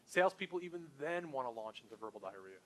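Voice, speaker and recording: A man's voice: medium pitch, very animated, fast. A middle-aged man leading a sales training session for a group, talking in an enthusiastic, punchy, conversational way.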